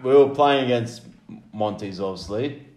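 A man's voice: medium pitch, normal speed, a little mellow, slight background noise. A man telling stories in a podcast chat, rambling and restarting his sentences. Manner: rambling storyteller, restarts a lot. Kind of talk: casual chat. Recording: roomy echo.

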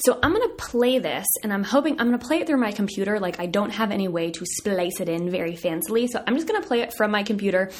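A woman's voice: mid-range voice, expressive, quick pace, few pauses, slight background noise. A young woman from southern Virginia hosting her own podcast, talking in a bubbly, chatty, self-deprecating way. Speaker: podcast host. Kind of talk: casual solo podcast chat.

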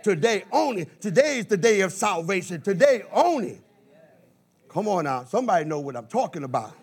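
A man preaching a sermon in an animated call-and-response style, with bursts of shouting. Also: high voice, brisk, slightly rough.

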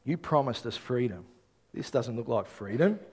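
A man voicing a bitter, complaining man who feels abandoned, in a low, reproachful tone. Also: lively intonation, normal speed, darkish tone, husky.

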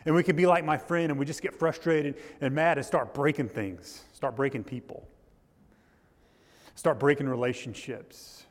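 A man preaching a sermon as pastor, telling a story in a loose, halting way with frequent restarts. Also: mid-range voice, big-room sound. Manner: storytelling with restarts and rising intensity. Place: church.

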